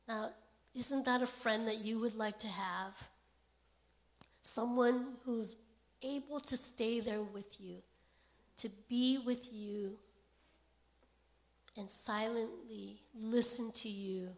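A woman preaching a sermon in a gentle, unhurried way, often pausing to check in with "okay?". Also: fairly high pitch. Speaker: pastor.

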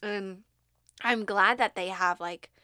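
A young woman, co-hosting a podcast, who talks openly, laughs often and grows animated when retelling events. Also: medium pitch, takes it slowly, clean tone, no room sound, clean studio sound. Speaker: podcast co-host. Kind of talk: candid conversation.

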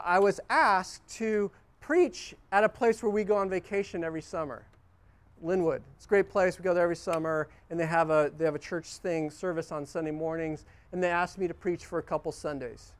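Earnest, high-voiced male preacher. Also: moderate pace, smooth. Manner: earnest, prayerful, swings between hushed and animated. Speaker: pastor. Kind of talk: sermon.

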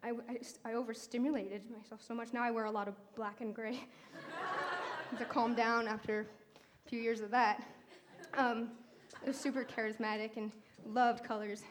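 Earnest woman preacher, slightly high voice. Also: normal speed, noisy background. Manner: earnest, conversational, with fillers and restarts. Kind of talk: personal testimony sermon.

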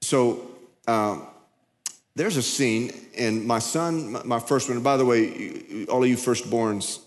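A middle-aged man preaching a sermon in a conversational, confessional way, telling a story with many halting restarts. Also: medium pitch, big-room sound. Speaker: pastor.

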